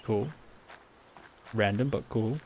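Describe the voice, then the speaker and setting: A man's voice: fairly low pitch, takes it slowly, darkish tone, slight background noise. A man streaming a story game, making wry, joking asides in casual commentary.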